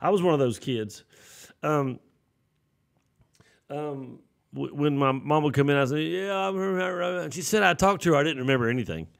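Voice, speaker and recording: A man's voice: medium pitch, moderate pace, vocal fry, pauses often. A middle-aged man, preaching in a folksy, storytelling way and acting out voices from his stories. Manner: folksy, animated, acts out voices. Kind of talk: sermon storytelling.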